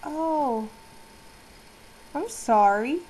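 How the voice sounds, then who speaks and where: A woman's voice: high voice, lively intonation, drawn-out words, a little mellow, a little hiss or hum, full character voice. A teenage girl quoting her grumpy, half-asleep father in blunt lines, barely changing her voice. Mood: apologetic.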